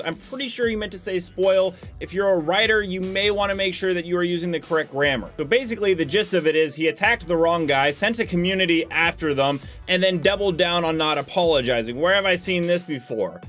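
A man's voice: high voice, fairly quick, few pauses, fairly bright tone, soft background music. A man giving casual gaming commentary as a YouTuber, chatty with joking asides.

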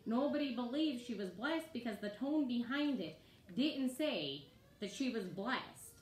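A woman's voice: on the high side, expressive, unhurried. Chatty woman teaching in an echoey room. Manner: chatty and conversational, often checking in with "right?". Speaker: ministry teacher. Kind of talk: casual sermon teaching. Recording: echoey room with faint ambience.

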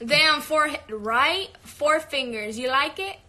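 A woman's voice: sits high, lively intonation, measured pace, bright, forceful tone. A young woman chatting casually on a livestream, brash and profane, laughing often. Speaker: singer on a live stream.

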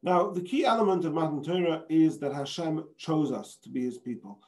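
Rabbi teaching a text, mellow voice. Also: male voice, a little high, a little fast. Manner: reads a passage, then explains it with rhetorical questions; sprinkles Hebrew terms and frequent restarts. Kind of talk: explaining a text.

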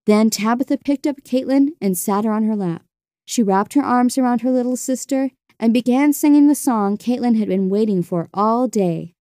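A woman narrating a children's storybook in a gentle, expressive way. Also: on the high side, normal speed, no echo, studio quality.

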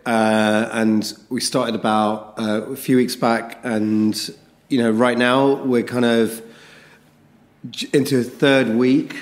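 A man who is a chef, talking as a podcast guest in a relaxed, measured way. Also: medium pitch. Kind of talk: casual podcast interview.

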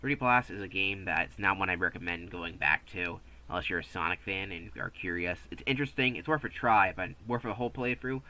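A man's voice: sits low, brisk, hardly any pauses, sharp tone, rough recording. A man narrating a casual video game review, chatty and offhand, with restarts and asides.

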